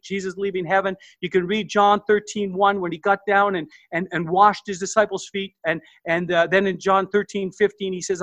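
A man's voice: sits high, a bit bright, dry recording, poor audio. A man preaching a sermon as pastor, enthusiastic and quoting scripture, often stumbling and restarting.

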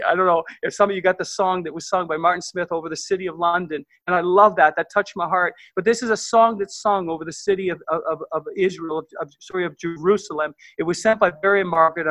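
A man's voice: high-pitched, a bit bright, no room sound, rough recording. A man preaching a sermon as pastor, enthusiastic and quoting scripture, often stumbling and restarting.

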